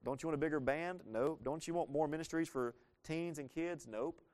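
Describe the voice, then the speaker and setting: A man's voice: a little high, moderate pace, darkish tone. A man preaching a sermon as pastor, earnest and emphatic, asking the congregation rhetorical questions and repeating phrases for weight.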